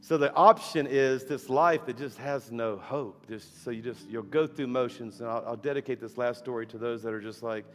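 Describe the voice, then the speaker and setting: A man's voice: medium pitch, moderate pace, few pauses, a bit bright. A man preaching a storytelling sermon as a guest preacher in a church. He speaks animatedly, fires off rhetorical questions and laughs at his own stories. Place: church sanctuary. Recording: echoey hall with faint music.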